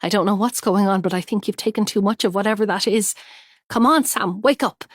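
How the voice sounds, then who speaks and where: A woman voicing a frantic wife who pleads with and shouts at an unconscious man. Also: mid-range voice, fairly quick, no room sound, clean studio sound, lightly acted. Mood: panicked. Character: frantic woman finding her hurt husband.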